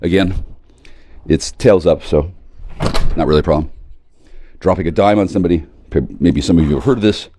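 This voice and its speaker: A man's voice: low-pitched, a little fast, long pauses, mellow, a little hiss or hum. A man hosting a solo talk stream, rambling in a crude, sardonic way. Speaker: host.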